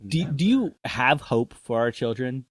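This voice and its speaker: A man hosting a casual podcast conversation, laughing often and talking in a lively way. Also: mid-range voice, unhurried.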